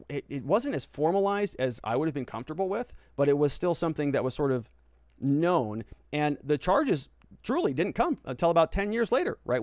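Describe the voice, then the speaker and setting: A man with a slightly higher voice hosts a laid-back legal talk stream, answering viewer chat off the cuff. He keeps tagging his points with "right?" and restarts sentences as he thinks aloud. The sound is dry and close to the mic, with no room echo. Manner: conversational, frequent "right?" tags and restarts. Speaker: lawyer and legal commentary host. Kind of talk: casual livestream commentary reading viewer chat.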